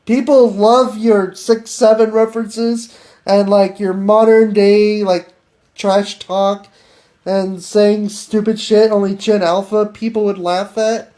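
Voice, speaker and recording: Podcast host, thirties, unhurried delivery, playful teasing, slangy. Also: mid-range voice, little pitch movement, mellow. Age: 30s. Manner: slangy and playful, with lots of fillers and laughing asides. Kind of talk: casual teasing chat.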